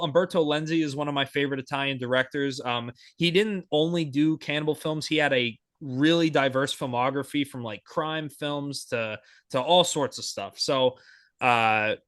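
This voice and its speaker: With a medium-pitched, fairly bright voice, this young podcast co-host chats casually and eagerly, wandering off track with lots of fillers and false starts. The audio is studio quality with no room sound.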